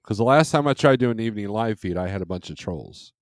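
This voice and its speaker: In clean, dry studio audio, a man with a lower-pitched voice talks fast and animatedly during a laid-back home livestream. He rambles comfortably and chuckles frequently into his desk microphone.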